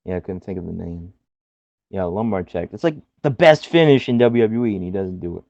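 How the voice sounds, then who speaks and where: A man's voice: low-pitched, lively intonation, fairly quick, creaky, a little mellow, no echo, dull audio. A man co-hosting a casual podcast chat, swearing freely and laughing through loose wrestling banter. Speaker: podcast co-host.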